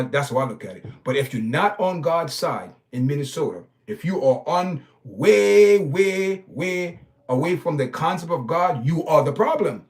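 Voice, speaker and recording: A man hosting his own stream, giving preachy, emphatic commentary full of repeated words and restarts. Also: on the high side. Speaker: channel host. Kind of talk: opinionated commentary livestream.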